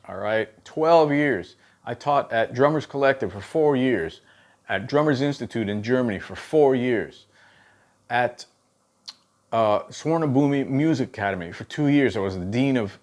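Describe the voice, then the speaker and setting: A middle-aged man teaching drum technique in a relaxed, conversational way, often checking in with a quick "okay?" while counting out patterns. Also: medium pitch. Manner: casual, checks in with frequent "okay?" asides. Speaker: drum instructor. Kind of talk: spoken drum lesson with demonstrations.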